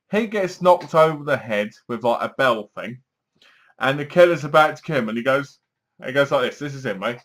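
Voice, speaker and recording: A man casually reviewing a film, retelling the story in a rambling, animated way and acting out lines. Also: a little high.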